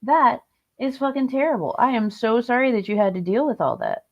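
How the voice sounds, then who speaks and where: A woman's voice: fairly high pitch, expressive, fairly quick. A woman hosting a livestream, chatting casually with viewers, sarcastic and swearing a lot as she rants. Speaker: livestream host. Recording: dull lo-fi stream audio.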